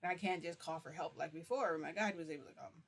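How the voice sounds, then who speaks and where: A woman's voice: deep voice, fast talker, husky. Chatty woman telling a story. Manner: chatty, full of fillers and mild swearing. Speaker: vlogger. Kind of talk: casual storytime monologue.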